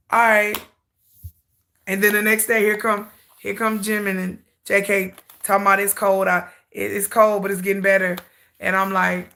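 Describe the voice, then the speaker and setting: A woman hosting a K-pop channel livestream, telling a dramatic, salty story with animated humor. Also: mid-range voice, normal speed, creaky. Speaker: K-pop YouTube channel host. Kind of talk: casual livestream rant.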